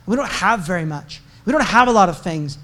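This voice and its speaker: An earnest, plain-spoken young barista from abroad, as a high-voiced preacher retells her words. The voice stays very high and close to the preacher's own, telling her story simply. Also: animated, a little fast, fairly bright tone.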